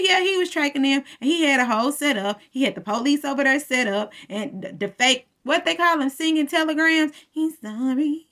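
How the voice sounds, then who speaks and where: A woman's voice: fairly high pitch, pushed and bright. A woman casually recapping a TV episode in a chatty storytelling way, acting out the characters' lines as she goes.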